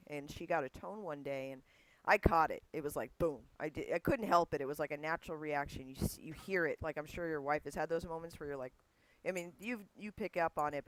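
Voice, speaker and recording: A woman's voice: low voice, poor audio. A woman hosting a podcast, chatting casually and telling family stories with acted-out dialogue. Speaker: podcast host. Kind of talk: casual conversation.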